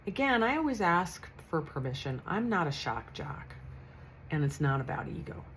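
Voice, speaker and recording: A woman's voice: low-pitched, sing-song, moderate pace, fairly bright tone, a little hiss or hum, low-quality recording. A woman in her fifties, a psychic medium telling a story in a chatty, earnest way with frequent restarts. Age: 50s. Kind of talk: casual storytelling monologue.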